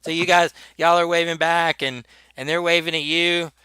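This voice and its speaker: A man running a tabletop game as game master, narrating in a halting way with lots of restarts. His voice is slightly high, bright and smooth. It is recorded close and dry. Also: level tone, dry recording. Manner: halting, many restarts, chuckling.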